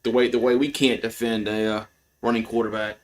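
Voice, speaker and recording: With a fairly low voice and a fairly quick delivery, this man runs live fan play-by-play. He's excitable and profane, shifting from grumbled asides to shouted calls on the big plays.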